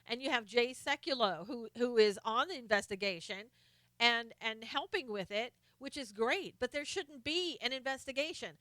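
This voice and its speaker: Female stream host, fervent political commentary; bright, crisp voice, dry close sound. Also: fairly high pitch, expressive, normal speed, dry recording. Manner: impassioned, greets viewers by name.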